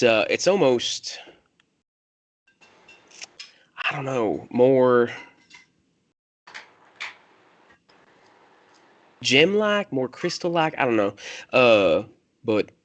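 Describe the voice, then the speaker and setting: A man's voice: medium pitch, sing-song, measured pace. A man doing a rambling country hermit. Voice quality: country drawl. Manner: rambling, loses his train of thought, many fillers. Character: reclusive rural male hermit, rambling and wary.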